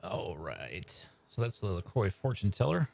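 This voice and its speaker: Hesitant low-voiced man. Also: very animated, a little slow, gravelly, a little mellow, husky. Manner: hesitant, many fillers. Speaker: sketch writer and stream host. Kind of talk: casual live-stream chat.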